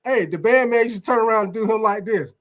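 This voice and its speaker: A man's voice: high-pitched, fast, fairly bright tone. A man hosting a casual sports talk stream, rambling loosely and swearing while he talks to his viewers. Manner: loose, rambling, profane, addresses viewers as y'all. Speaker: sports show host. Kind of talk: casual live sports talk, reacting to chat.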